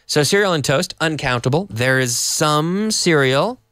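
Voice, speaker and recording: Relaxed man teaching English, dry sound. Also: fairly high pitch, no room sound. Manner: relaxed, explains slowly with Spanish glosses. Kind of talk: live online English lesson.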